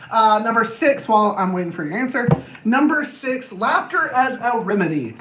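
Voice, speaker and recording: A man's voice: extremely high pitch, expressive, measured pace, pauses often, a bit bright. Blunt, profane man in an echoey room. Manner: blunt, profane, jokey, self-mocking. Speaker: anger management coach. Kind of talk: casual monologue on camera. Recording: roomy echo, faint background noise.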